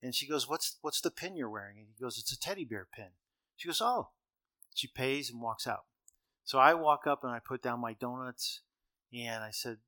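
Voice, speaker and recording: This is a humorous storytelling talk by a middle-aged man whose mid-range voice comes across bright and forceful yet relaxed and conversational. Quoting others, he slips into their lines, and he laughs at his own jokes. The audio is close and dry, with no echo.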